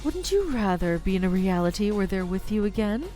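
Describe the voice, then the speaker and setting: A woman reading the lines of a calm, persuasive mastermind villain aloud from a game, in a soothing, coaxing way. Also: mid-range voice, fairly quick, faint music behind, natural voice.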